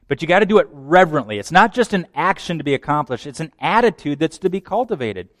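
A man preaching a sermon, swinging from hushed, low passages to loud, urgent ones. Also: expressive, quick pace, few pauses, dry recording, studio quality. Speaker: pastor.

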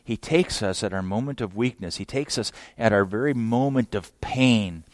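A man's voice: fairly low pitch, normal speed, no room sound. Preacher man with a dry, close sound. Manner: acts out scripture dialogue with raised emotional voices. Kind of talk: sermon.

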